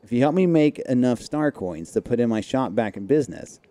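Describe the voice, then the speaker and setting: A man's voice: mid-range voice, lively intonation, a little fast, warm tone, no room sound, lightly acted. Man reading Scrooge McDuck, a miserly old duck. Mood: plain reading. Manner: reading game dialogue aloud. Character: miserly old male cartoon duck tycoon.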